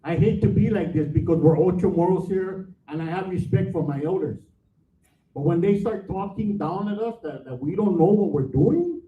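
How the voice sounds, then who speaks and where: A frustrated division manager speaks with a high voice. He talks bluntly and insistently during public comment. He sounds far from the microphone, in an echoey hall, over a thin, phone-like line. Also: lively intonation, normal speed, slight background noise. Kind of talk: public comment at a board meeting. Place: meeting hall. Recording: echoey room, far from mic, tinny.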